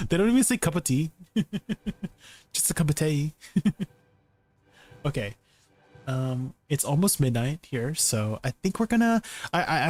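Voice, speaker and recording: A man's voice: medium pitch, darkish tone. A man streaming a game, chatting casually, reading chat aloud and laughing often.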